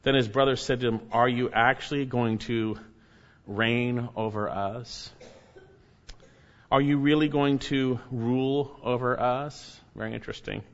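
A man's voice: medium pitch, dull audio. A man preaching a sermon, reading scripture aloud and commenting on it emphatically with rhetorical questions. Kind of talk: expository sermon.

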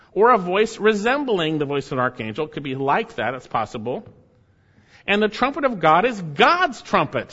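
A man preaching an expository sermon as pastor, emphatic, moving between loud stressed phrases and quiet asides. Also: high-pitched. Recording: dull lo-fi sound with long hall reverb.

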